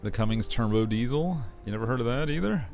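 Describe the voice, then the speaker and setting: A man's voice: medium pitch, expressive, fast, darkish tone, soft background music. A man chatting casually and playfully on a live stream, laughing often.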